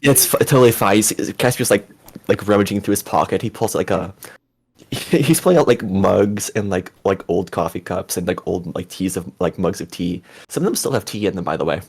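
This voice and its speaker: A man narrates his character's actions in a tabletop game, rambling with lots of fillers. His low voice is gravelly and a little husky, and it rises and falls a lot. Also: animated, moderate pace, darkish tone. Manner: rambling, full of "like" and restarts. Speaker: player. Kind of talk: casual tabletop role-play narration.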